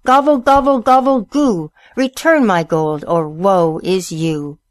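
A woman voicing an angry male turkey who chants his demands in a high sing-song. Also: sing-song, a little slow, no echo, studio quality. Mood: chanting.

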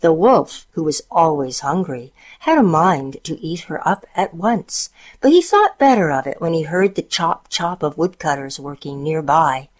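A woman narrating a storybook in a calm, measured reading voice. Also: deep voice.

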